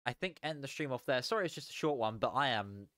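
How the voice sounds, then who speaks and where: A tired young man chatting casually as a sim racing streamer, relaxed and rambling with frequent chuckles. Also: medium pitch, fast, no room sound, clean studio sound. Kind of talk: casual live stream chat.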